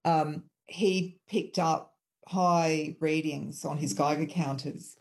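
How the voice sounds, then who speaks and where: A woman guest in a hotel room, speaking over an internet call, explaining in a measured way with frequent ums. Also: low-pitched, fairly even intonation, darkish tone, breathy edge. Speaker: historian guest.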